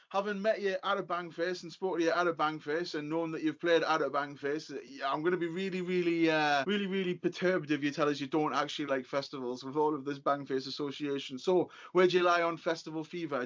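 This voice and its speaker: Casual male podcast co-host, slightly high, chatty storyteller, muffled lo-fi audio. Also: a bit bright. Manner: chatty, tells stories with laughing asides. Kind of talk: casual chat.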